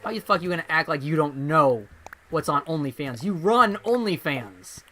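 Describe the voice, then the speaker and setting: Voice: medium pitch, brisk, pushed and bright, a little hiss or hum. A vtuber streamer in casual livestream chat, rambling and swearing freely and laughing often while playing a game at home.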